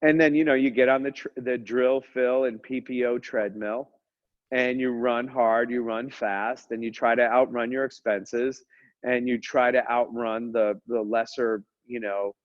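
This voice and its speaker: A man's voice: mid-range voice, a little slow, no room sound. Upbeat joking man, dry dull podcast sound. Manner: energetic, joking, prone to tangents. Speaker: dental practice business coach, podcast host. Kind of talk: casual podcast chat.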